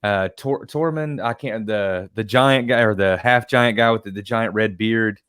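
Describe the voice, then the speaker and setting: A man with a lowish voice talks loosely about a film with a co-host, swearing freely and letting his sentences fade out. The sound is dry and close, with no room around it. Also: a little slow, clear, resonant tone, dry recording. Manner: rambling, profane, trails off quietly. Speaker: podcast co-host. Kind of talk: casual film discussion.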